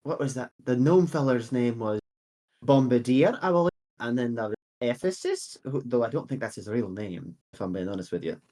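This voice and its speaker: A man's voice: medium pitch, normal speed, warm tone, voice pushed down, lightly acted. A man voicing an elderly female earth genasi apothecary, rambling and hesitant with many fillers. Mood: chattering.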